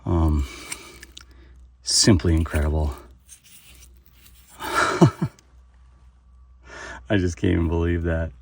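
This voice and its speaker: A man's voice: deep voice, steady tone, normal speed, gravelly, pauses often, darkish tone, dry recording, distant mic. A man hosting a metal detecting vlog outdoors at a dig site, talking with lots of fillers and exclamations as he digs. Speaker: metal detecting channel host.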